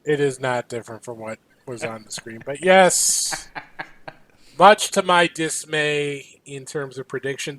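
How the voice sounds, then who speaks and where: A male podcast co-host who talks slowly and deliberately at a middle pitch. He pauses often and hedges with ums as he weighs his views. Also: a bit bright, no echo. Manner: measured, hesitant with ums. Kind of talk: casual podcast chat.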